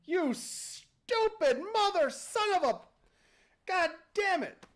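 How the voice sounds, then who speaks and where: A man voicing a cruel, violent father who snarls and yells abuse. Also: extremely high pitch, lively intonation, slow, voice pushed up, heavily acted. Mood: furious. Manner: snarling, yelling, abusive.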